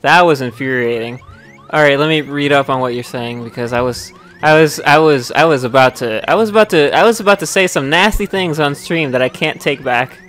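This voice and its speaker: A young man streaming a video game live, rambling casually between bouts of swearing and frustrated yelling. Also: fairly high pitch, a little fast, soft background music. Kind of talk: live gameplay commentary.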